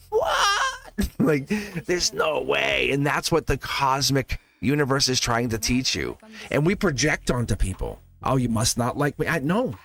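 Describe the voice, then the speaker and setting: A man's voice: mid-range voice, fairly bright tone. A man hosting a live tarot reading, playful and laughing often as he talks to his viewers. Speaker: tarot reader and live stream host.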